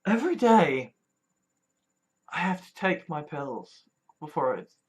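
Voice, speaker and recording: A vlogger in a candid personal monologue, blunt and profane, sighing and trailing off, then flaring into mocking loud bits. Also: medium pitch, very animated, takes it slowly. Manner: blunt and profane, with frequent sighs and trailing restarts; swings between weary mutters and mocking shouted quotes.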